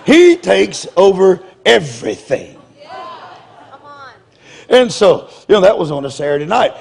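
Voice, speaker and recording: A man's voice: high-pitched, sing-song, unhurried, creaky, a little mellow. A man preaching in a humorous storytelling style, blunt and self-mocking, often laughing as he talks. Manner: blunt, confrontational delivery.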